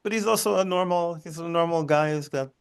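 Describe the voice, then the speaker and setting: A man, a guest on a video call from his living room, telling a personal story in a halting way with many restarts. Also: on the high side, vocal fry, clear, resonant tone. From United States. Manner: halting, with frequent restarts and asides. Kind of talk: conversational storytelling.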